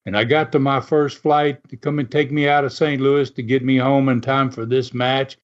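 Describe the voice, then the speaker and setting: A man casually telling an animated, folksy story and chuckling often as he goes. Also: mid-range voice, moderate pace. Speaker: storyteller recalling wrestling TV. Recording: dull lo-fi sound.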